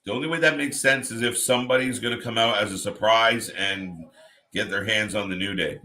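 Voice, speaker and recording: A man's voice: on the low side, a little fast, sharp tone. A Canadian man co-hosting a live watch party, rambling in casual chat and reading comments aloud.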